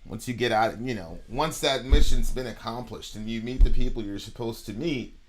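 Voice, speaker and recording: A young man co-hosting a casual podcast conversation, talking in an animated way and repeating words as his thoughts pile up. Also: mid-range voice, moderate pace, slight background noise. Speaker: podcast co-host.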